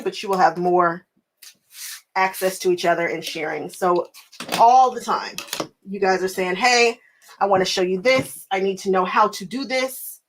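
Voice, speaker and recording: A woman's voice: mid-range voice, a little hiss or hum, low-quality recording. Chatty, laughing woman quilting live-streamer. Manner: chatty and animated, often laughing, repeats phrases for emphasis. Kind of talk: casual live stream chat reading viewer comments. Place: home sewing room.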